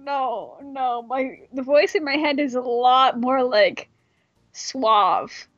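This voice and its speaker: A woman reading a visual novel aloud and chatting, animated and joking, swearing often. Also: sits high, slow pace, dry recording. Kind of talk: casual let's play chat and reading. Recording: dry, slightly muffled mic.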